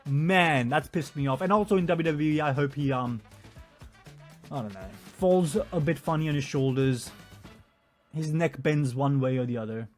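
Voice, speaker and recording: Young guy ranting mad, swears a lot, highish voice, faint music behind. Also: moderate pace. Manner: heated, profane, loudness swinging from muttered to shouted. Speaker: vlogger. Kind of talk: casual rant to camera.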